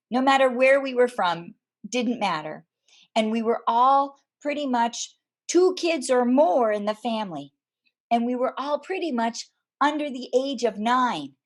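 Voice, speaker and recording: High-voiced, unhurried woman storyteller. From Canada. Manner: slow, deliberate storytelling with dramatic pauses. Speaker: speaker telling a personal story. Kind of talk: personal storytelling talk. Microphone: camera.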